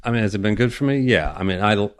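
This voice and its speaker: Deep-voiced, easygoing surgeon, a man. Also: fast, no echo, clean studio sound. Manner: relaxed, easygoing, many fillers. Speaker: orthopedic surgeon guest. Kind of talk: casual interview chat.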